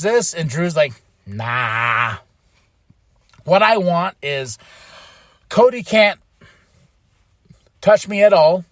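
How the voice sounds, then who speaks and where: Recapping a wrestling show on his own podcast, a man chats casually in a voice that sits high for a male. He's animated, laughing often and acting out the wrestlers' lines, and the sound is dry and close with no echo.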